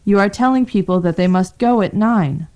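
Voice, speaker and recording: A polite husband from a simple storybook, read by a woman. He speaks in a plain, steady read-aloud way at a middle pitch. The lines come across clearly and without fuss. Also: moderate pace, close to an everyday voice. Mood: cautious. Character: polite husband hosting a party.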